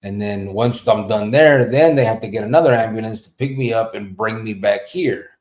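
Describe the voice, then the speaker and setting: A man hosting a podcast, telling a story in a casual, profane, animated way. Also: fairly low pitch, normal speed. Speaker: podcast host. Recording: roomy echo.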